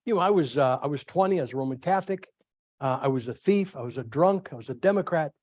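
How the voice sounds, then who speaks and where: A middle-aged male pastor preaching a sermon, telling folksy stories with lively asides to his congregation. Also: fairly high pitch, fast, dry recording, studio quality. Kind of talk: sermon with storytelling.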